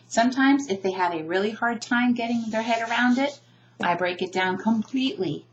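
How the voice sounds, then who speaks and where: A woman teaching pronunciation, talking casually and drawing out example words with careful, slow enunciation. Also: fairly high pitch, lo-fi sound. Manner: casual, often checks in with a "right?". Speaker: language teacher. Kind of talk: explaining pronunciation to camera.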